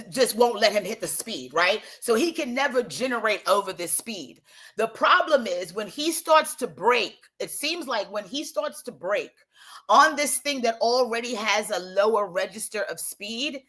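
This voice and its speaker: A young woman telling a story in a casual monologue, animated and emphatic, often restarting her sentences. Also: medium pitch.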